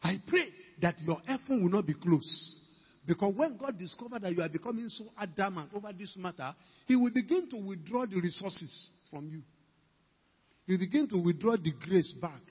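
A man's voice: high-pitched, husky. An older man preaching a fervent sermon as pastor, acting out quoted conversations as he exhorts the congregation. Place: church hall. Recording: dull lo-fi church recording with long reverb.

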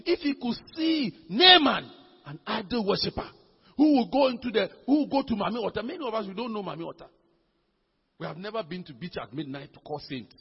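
A man preaching a sermon, swinging from shouts to low, intense lines and repeating words as he builds. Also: animated, fast. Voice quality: husky, gravelly voice. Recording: dull lo-fi hall recording.

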